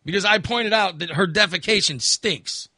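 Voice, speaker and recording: A man hosting a talk show who tells a crude story in an animated, exasperated way and swears freely. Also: sits high, moderate pace, slightly rough, no room sound. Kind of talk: casual storytelling chat.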